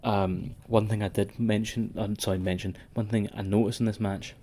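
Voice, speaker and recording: A man's voice: fairly low pitch, little pitch movement, moderate pace, mellow. A man co-hosting a wrestling podcast in sweary, rambling casual chat. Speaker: podcast co-host.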